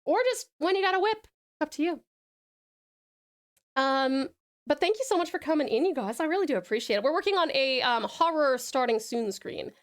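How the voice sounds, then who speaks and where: A woman's voice: sits high, animated, normal speed. A woman with an Australian accent chatting casually on a live stream, reading chat aloud and calling her viewers darling and sweetheart. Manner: demonstrates purring and rolled R's.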